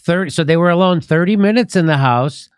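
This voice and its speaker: Male commentary host, sarcastic ranter, a bit high-pitched, dry close mic. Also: a little fast, clear, resonant tone, dry recording. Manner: sarcastic, ranting with profanity. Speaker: show host. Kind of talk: comedic political commentary.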